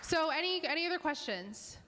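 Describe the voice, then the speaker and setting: An upbeat woman hosts a live meetup, talking in a chatty way to the crowd. Her voice sits a bit high, and the long reverb of a hall trails each phrase. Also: animated, brisk, bright, forceful tone, a little hiss or hum. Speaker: event host. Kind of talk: live event hosting. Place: event space with an audience.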